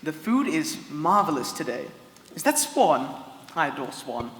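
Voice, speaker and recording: An actor playing a vain, pompous prince with a cruel streak, haughty and given to giggles, in a live stage play. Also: male voice, on the high side, big pitch swings, unhurried, noisy background. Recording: echoey hall, music behind.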